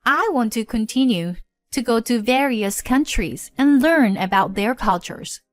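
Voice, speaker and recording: A woman telling a first-person story in an expressive, indignant storytelling manner. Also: a little high, measured pace, no room sound. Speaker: narrator. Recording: dry close voice-over with faint music.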